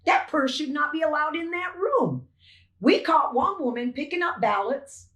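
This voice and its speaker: Older woman, emphatic and indignant, higher-pitched, testifying in a roomy, echoing space. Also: lively intonation, normal speed, a bit bright. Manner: emphatic, indignant, retells events as dialogue. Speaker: poll challenger giving a witness statement. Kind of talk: emotional first-hand testimony. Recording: echoey room.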